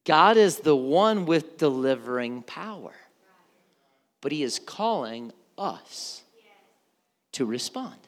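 Animated male pastor preaching. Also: fairly high pitch, slow pace, long pauses, long reverb tail. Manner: animated, joking, acts out quoted voices. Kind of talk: sermon.

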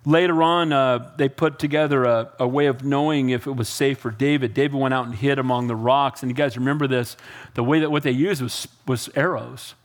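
A man's voice: medium pitch, steady tone, fairly quick. A man preaching a casual, conversational sermon that walks through a Bible passage and keeps checking in with the congregation. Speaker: pastor.

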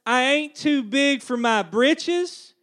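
A put-on Texan drawl, broad and folksy, sitting up high in pitch, as a preacher hams it up for his congregation. The delivery is slowed and exaggerated for laughs. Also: lively intonation, a bit bright, exaggerated voice. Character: drawling Texan man paraphrasing scripture.

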